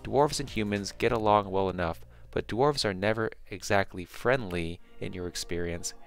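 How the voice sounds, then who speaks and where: A man narrates a fantasy adventure in the second person, measured and steady with the odd slip. His voice sits low. A quiet music bed runs behind the reading. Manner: measured, with small slips.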